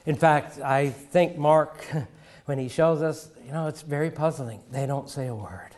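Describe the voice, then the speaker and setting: Male preacher, middle-aged, higher register, dramatic pauses and hushed drops. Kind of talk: sermon.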